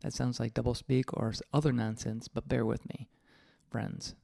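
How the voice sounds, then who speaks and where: A man's voice: medium pitch, little pitch movement, moderate pace, vocal fry, dark tone, dry recording, clean studio sound. A male podcast host reading a personal essay aloud in a reflective, candid, mildly profane way.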